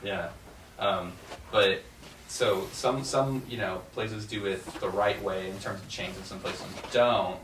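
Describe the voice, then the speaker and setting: Brief: young man, casual rambling guest, low-pitched, roomy off-mic sound. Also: steady tone, slow, fairly bright tone. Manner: rambling, self-deprecating, quotes people in voices. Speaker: cinema programming director, guest. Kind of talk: casual podcast chat. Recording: roomy, distant mic, faint noise.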